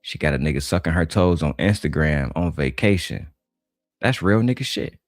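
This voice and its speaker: A man's voice: a bass voice, lively intonation, normal speed, no room sound, clean studio sound, soft background music. A man from Detroit giving blunt, mocking, heavily profane reaction commentary on a panel clip. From Detroit, USA.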